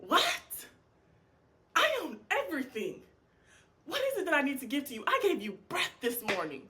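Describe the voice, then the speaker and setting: Woman Bible teacher with a slightly high voice. Impassioned and animated, speaks casually and acts out prayers and dialogue. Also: fast talker, slight background noise. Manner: colloquial, addresses listeners as y'all. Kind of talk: informal Bible study teaching.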